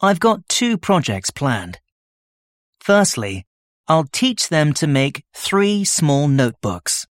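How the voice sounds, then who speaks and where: A man's voice: fairly high pitch, very animated, takes it slowly, no room sound, clean studio sound. A man as a workshop tutor in a scripted listening-test dialogue, explaining his plans plainly. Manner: explains plans plainly, answers questions readily.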